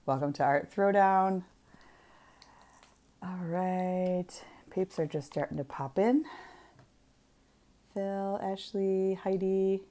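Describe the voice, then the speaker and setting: A woman's voice: fairly low pitch, drawn-out words, pauses often, dark tone. A young woman chatting casually on a craft livestream. She jokes, laughs easily and greets viewers by name as they arrive. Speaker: co-host.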